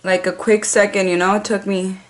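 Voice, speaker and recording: A woman's voice: mid-range voice, level tone, a little fast. Chatty, cussing woman telling a story. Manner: chatty, profane, heavy use of "like"; drops in Spanish slang phrases. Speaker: 911 dispatcher. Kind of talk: casual storytime vlog.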